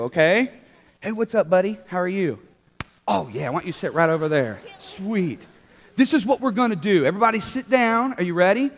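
A young man leading a children's church talk, upbeat and animated, coaxing the kids to join in. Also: high-pitched. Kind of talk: children's sermon. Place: large church hall with children. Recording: hall reverb.

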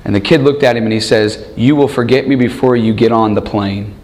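A man preaching a sermon, animated, acting out quoted voices and asking rhetorical questions. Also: on the low side, brisk.

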